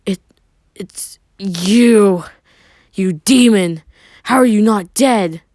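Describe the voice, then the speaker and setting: Man voicing a shrieking young woman, high, loud, dry close sound. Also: quick pace, no room sound, close to an everyday voice. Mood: shocked, furious. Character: shrill shocked young woman, hostile.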